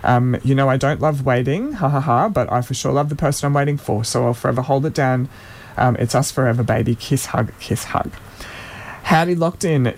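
A man hosting a community radio show, casually reading listener shout-outs aloud and stumbling over names now and then. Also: fairly high pitch.

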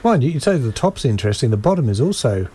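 Husky-voiced radio host. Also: male voice, mid-range voice, very animated, fast talker, dark tone. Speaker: radio presenter. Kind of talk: community radio sports chat. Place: radio studio.

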